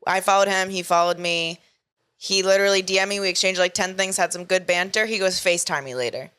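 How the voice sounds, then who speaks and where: A woman's voice: mid-range voice, level tone, a little fast, a bit bright, clear, resonant tone. A woman co-hosting a podcast in casual, chatty talk, swearing freely. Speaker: podcast co-host.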